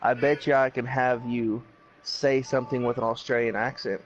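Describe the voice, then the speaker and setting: A man's voice: mid-range voice, steady tone, moderate pace, lo-fi sound, a little hiss or hum. A man joking mischievously in a casual gaming voice chat. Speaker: game chat player.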